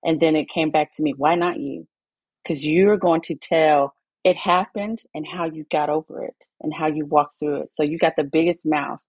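A woman's voice: low-pitched, steady tone, normal speed, few pauses, darkish tone, husky, dry recording, low-quality recording. A woman guest in a heartfelt conversation, speaking earnestly and emotionally. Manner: emotional, earnest, tearful at times.

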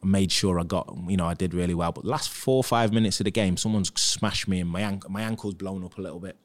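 A man's voice: sits low, fast talker. A man in his thirties, a former footballer, telling casual anecdotes as a podcast guest and acting out what others said. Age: 30s. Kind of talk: casual storytelling.

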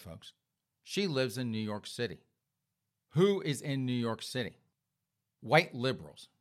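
A man's voice: mid-range voice, a bit bright. A man hosting an opinion commentary monologue, mocking and sarcastic, repeatedly addressing his listeners directly. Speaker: commentary host.

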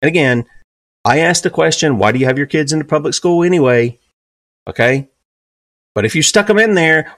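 A man's voice: dry recording, clean studio sound. Emphatic Southern man in his fifties. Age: 50s. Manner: emphatic, rhetorical questions, pitch jumping up on key points. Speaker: radio talk show host. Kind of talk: opinionated talk radio commentary.

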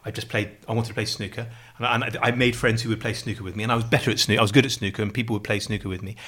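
A man's voice: lowish voice, steady tone, rapid-fire, fairly bright tone, breathy edge. A man in his forties telling a rambling, self-mocking story in casual chat, full of restarts.

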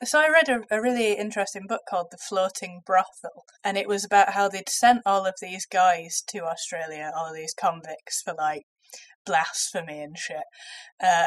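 Sweary Englishwoman telling stories, slightly stuffy. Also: medium pitch. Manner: sweary, animated storytelling with laughs. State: has a cold. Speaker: podcast co-host. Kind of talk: casual comedic chat.

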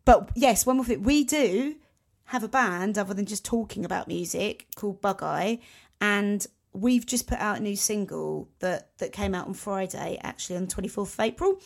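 A woman's voice: medium pitch, moderate pace, vocal fry. A woman co-hosting a podcast in casual chat, rambling and self-mocking. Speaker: podcast co-host.

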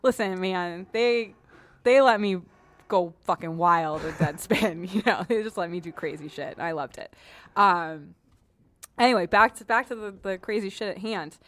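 A woman's voice: lowish voice, moderate pace, fairly bright tone, no room sound. A woman hosting a podcast in a frank, joking, chatty way, often restarting her sentences. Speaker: podcast host, cleaning advice columnist. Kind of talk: casual podcast chat.

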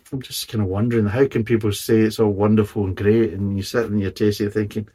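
A man's voice: on the low side, flat delivery, brisk, darkish tone, slightly rough. A man giving a casual spoken beer review, blunt and rambling, swearing often in exasperation.

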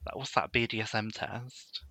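A man's voice: fairly low pitch, normal speed, bright, forceful tone, dry recording. A young man co-hosting a podcast, teasing and cheeky in casual chat, swearing freely. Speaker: podcast co-host.

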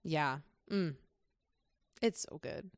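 A woman co-hosting a podcast speaks slowly in a low-pitched voice, with studio quality and no echo. She chats casually and enthusiastically about a film, rambling with lots of fillers.

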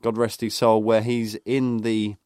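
A man's voice: fairly low pitch, little pitch movement, a little slow, darkish tone, clean tone, dry recording, studio quality. A middle-aged man, a podcast co-host, telling rambling football anecdotes in casual chat, full of fillers and restarts.

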